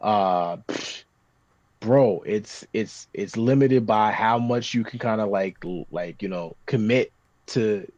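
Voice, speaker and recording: Low-voiced man, casual podcast chat. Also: slow pace, no room sound. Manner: rambling, many restarts, animated when describing scenes. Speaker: podcast guest talking tabletop games. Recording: dry, slightly muffled podcast recording.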